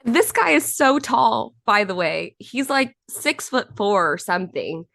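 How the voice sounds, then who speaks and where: A woman with a Texan accent chatting as a podcast guest, animated and gossipy, quick to laugh. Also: on the high side, creaky, no echo, clean studio sound. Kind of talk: casual chat.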